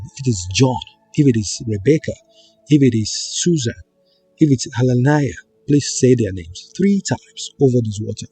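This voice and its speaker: A man slowly teaching viewers a prayer ritual, coaxing them along and often checking in with "okay?" and "right?". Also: mid-range voice. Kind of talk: slow instructional prayer teaching. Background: soft background music.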